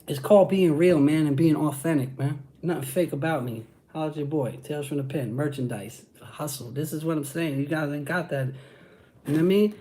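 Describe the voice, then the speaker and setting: A man's voice: on the high side, normal speed, warm tone, a little hiss or hum. A man from Brooklyn with a New York accent, hosting a livestream and answering chat in hyped, profane street talk. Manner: hyped, profane street talk with constant "you know what I'm saying". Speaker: channel host.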